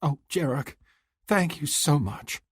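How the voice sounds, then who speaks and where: A male narrator putting on a soft young woman who is easily moved to joy or tears, her voice lifted well above his own and husky with breath. He reads in a dry, close booth, the lines swinging up and down as she reacts. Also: a little high, lively intonation, takes it slowly, no echo, pitched above the performer's own voice, heavily acted. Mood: delighted. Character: young human woman, tender, tearful, easily flustered. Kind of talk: audiobook character voice.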